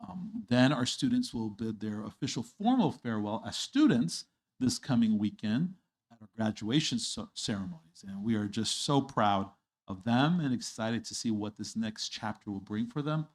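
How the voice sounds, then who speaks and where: A man addressing a school board meeting, earnest and a bit halting, restarting his phrases as he goes. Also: fairly low pitch, lively intonation. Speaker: school district official. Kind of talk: public meeting remarks.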